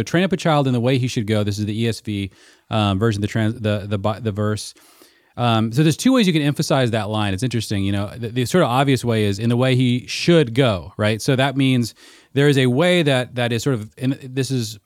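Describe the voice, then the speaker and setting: A man's voice: medium pitch, dry recording, clean studio sound. A man co-hosting a podcast, explaining at length in an earnest, casual discussion. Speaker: podcast co-host and mentor.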